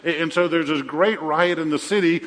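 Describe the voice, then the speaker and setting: A man's voice: a little high, normal speed, a bit bright. A middle-aged man preaching a sermon as a pastor, conversational, often repeating his phrases and telling jokes. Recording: reverberant hall.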